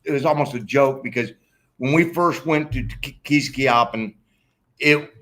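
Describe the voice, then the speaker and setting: American man co-host, bright sharp voice, halting, repeats his words. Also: medium pitch. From United States. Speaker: co-host of a livestream. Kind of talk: casual livestream chat.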